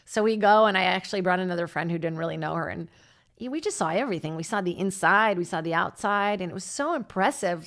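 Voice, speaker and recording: A woman in her thirties hosting her own podcast, telling rambling self-deprecating stories in a casual comedy monologue. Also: fast. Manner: rambling, self-deprecating, breaks into laughter, lively jumps in pitch. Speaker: podcast host and stand-up comic.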